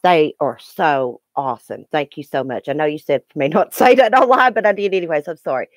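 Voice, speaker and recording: A woman's voice: low voice, lively intonation, brisk, dry recording, studio quality. A middle-aged woman, chatting emotionally and ramblingly to viewers in a morning live stream, recorded on her phone.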